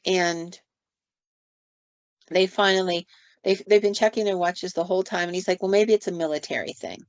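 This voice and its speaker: A woman's voice: fairly low pitch, normal speed, dry recording. A woman co-hosting a podcast, casually retelling ghost stories with fillers and quoted asides. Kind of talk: storytelling on a podcast. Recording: dull lo-fi dry sound.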